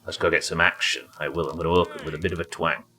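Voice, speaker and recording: Soft background music accompanies a man's rapid-fire, sharp-toned voice, his intonation fairly even. As he streams a game, he banters casually with plenty of swearing and jokes, his yelps going high in tense fights.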